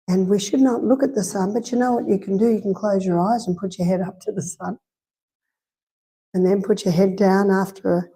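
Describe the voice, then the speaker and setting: A middle-aged woman, Australian-accented, with a mid-range, dark-toned voice, delivers a live health lecture in a church hall. She talks conversationally, repeating points for emphasis and weaving in anecdotes.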